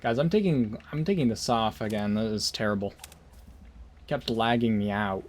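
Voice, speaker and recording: A streamer with a fairly low voice, speaking at normal speed, chats casually with viewers while playing a game on his livestream. He rambles and tosses in jokey asides.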